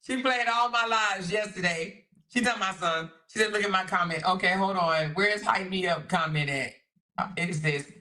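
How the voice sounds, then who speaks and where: A woman's voice: lowish voice, normal speed, bright, forceful tone. A woman hosting a casual livestream, reading viewer comments aloud, swearing freely and laughing often.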